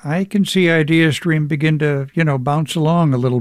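A middle-aged man, an author being interviewed, speaking thoughtfully with frequent halting restarts. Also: on the high side, no room sound, clean studio sound. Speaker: author guest. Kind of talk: reflective interview conversation.

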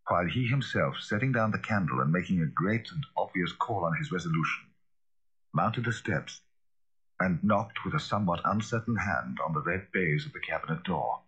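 A man reading a classic novel as scripted narration, in a dramatic, expressive manner. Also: sits low, normal speed, slightly rough. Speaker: audiobook narrator. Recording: dull lo-fi recording.

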